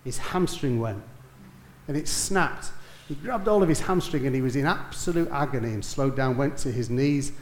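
A man preaches with a mid-range voice, telling stories that climb to loud, emphatic peaks before falling to hushed asides. His voice rings through an echoey room. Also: medium pitch, animated, moderate pace. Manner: storytelling, rising to emphatic peaks then dropping soft. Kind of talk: sermon.

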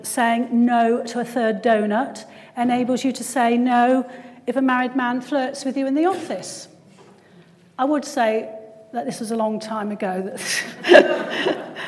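A woman who is a Christian speaker and GP gives a conversational church talk, often ending her points with tag questions. Her voice is high-pitched and a little mellow, with the sound of a big room.

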